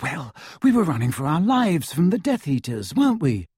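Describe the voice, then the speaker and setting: A man voicing an anxious, clever young woman who speaks quickly and urgently. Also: big pitch swings, darkish tone, slightly rough, dry recording, studio quality. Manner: quick, rising urgent pitch.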